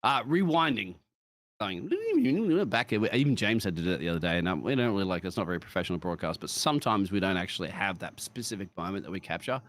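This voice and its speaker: An Australian man commenting on a sim racing broadcast, joking and laughing often, with excitable jumps in pitch. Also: fast talker, hardly any pauses. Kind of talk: live race commentary banter.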